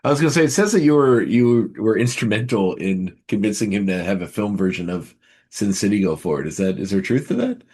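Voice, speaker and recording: Man, podcast host, low voice, lively pitch, quick reactions. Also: husky. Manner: short reactions and laughs, eager follow-up questions. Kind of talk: casual interview.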